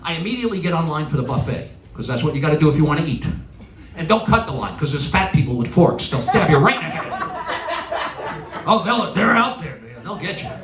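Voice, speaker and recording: A man's voice: fairly high pitch, big pitch swings, a little fast. A middle-aged man from New York with a New York accent, doing a stand-up comedy routine with exasperated rants and punchlines. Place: stage in a large venue with a live audience. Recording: roomy live hall from a distance, audience noise. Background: audience laughter and applause.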